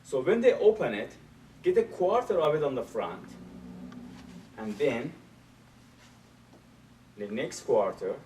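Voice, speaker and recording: A man teaching a martial arts class, explaining step by step in a halting way and repeating phrases while he demonstrates. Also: medium pitch, darkish tone. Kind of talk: demonstration lesson. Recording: echoey room from far off, faint hiss.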